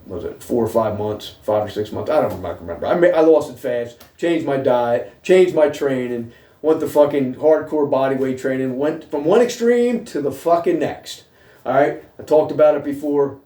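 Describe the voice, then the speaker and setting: A middle-aged man with a mellow, darker tone recounts his own past in a blunt, heavily profane monologue. He checks in with "okay?" again and again. The sound is roomy and echoey, with the speaker sitting some distance from the microphone. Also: medium pitch, expressive, normal speed. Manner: blunt, heavy swearing, repeats "okay?". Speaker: host telling his own story. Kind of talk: casual storytelling monologue. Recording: roomy echo, voice away from mic.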